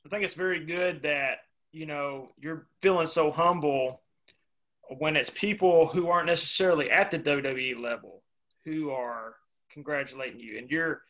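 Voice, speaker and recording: A man's voice: a little high, moderate pace, fairly bright tone, highs cut off. A man hosting an interview, speaking in an encouraging, affirming way. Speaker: interview host. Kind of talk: podcast interview.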